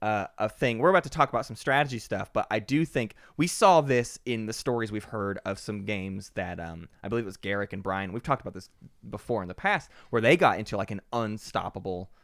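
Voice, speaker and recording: A man's voice: on the low side, expressive, a little fast, fairly bright tone, no echo, clean studio sound. A man co-hosting a podcast, earnestly explaining board game strategy in a casual chat, often repeating words as he goes. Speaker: podcast co-host.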